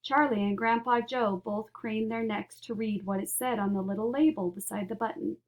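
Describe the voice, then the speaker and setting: A woman narrating a children's book aloud, with expressive, animated storytelling. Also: medium pitch, moderate pace, lo-fi sound. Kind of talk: audiobook narration.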